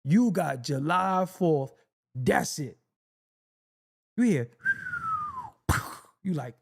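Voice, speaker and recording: Middle-aged New man riffing in a loose comedic monologue, gravelly voice with lively pitch swings. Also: very slow, pauses often. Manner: animated storytelling, acts out exasperated voices, laughs often. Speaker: rapper talking on camera.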